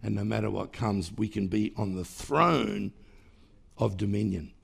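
A man's voice: fairly low pitch, steady tone, measured pace, vocal fry, breathy edge. A man preaching a sermon as pastor, emphatic and rhythmic, with repeated phrases and sudden rises in volume. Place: church.

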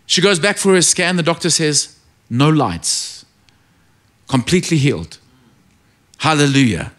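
Animated man preaching a sermon. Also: fairly high pitch, unhurried. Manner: animated storytelling, rising to shouted praise.

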